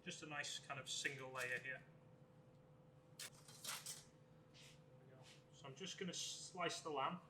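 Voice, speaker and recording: A man, a chef, talking through a cooking demonstration step by step in a relaxed way. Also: medium pitch, moderate pace, few pauses, roomy sound, background noise. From Wales.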